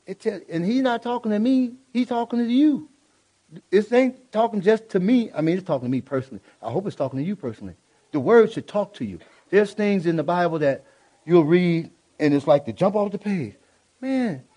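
A man's voice: on the high side, dark tone. A man preaching a sermon in a folksy, exclaiming way. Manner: folksy, exclaiming, prone to laughter.

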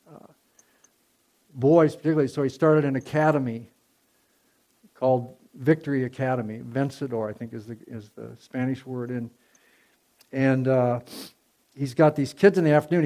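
A man's voice: medium pitch, mellow. A man preaching a sermon in a conversational storytelling way, with many fillers and restarts, to a church congregation.

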